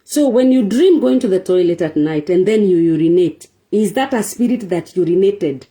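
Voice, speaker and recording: A woman's voice: mid-range voice, lively intonation, normal speed, mellow. A woman hosting a relationship talk show, lecturing her viewers with rhetorical questions and emphatic repetition. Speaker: show host. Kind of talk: preachy relationship talk monologue.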